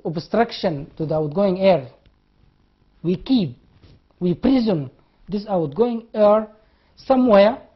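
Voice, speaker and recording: A university lecturer from Sudan, speaking in a mid-range, slightly rough voice, spells words aloud letter by letter during a classroom lecture. He repeats key terms and demonstrates sounds out loud. The recording is a dull, lo-fi classroom capture.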